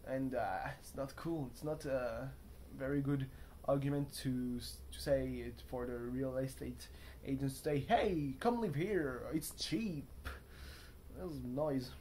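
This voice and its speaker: A young vlogger speaks a little slowly in a mellow, medium-pitched voice with a steady tone, a little hiss or hum behind it. Talking to camera from a hotel room, he rambles casually, chats, teases himself and goes off on tangents.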